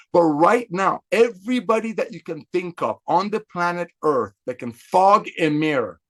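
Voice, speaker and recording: A man speaking as a company executive to his affiliates, in an excitable motivational sales talk full of repetition and emphatic, preacher-like stresses. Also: on the high side.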